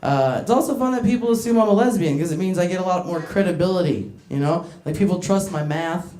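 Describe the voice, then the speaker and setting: A woman doing a crude, self-mocking stand-up set on a club stage, laughing through her lines, teasing the crowd, her voice wearing hoarse. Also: lowish voice, fast, mellow. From United States. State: voice getting hoarse. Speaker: stand-up comedian. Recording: echoey club room.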